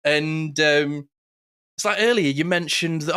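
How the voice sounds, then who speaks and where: A man co-hosting a podcast in casual chat, animated and quick to mimic catchphrases. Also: on the high side. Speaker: podcast co-host.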